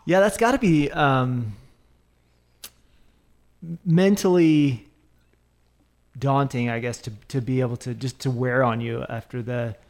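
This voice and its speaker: Male interview host, mid pitch, supportive, meandering questions. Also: slow, long pauses, darkish tone. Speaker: podcast host. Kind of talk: casual interview.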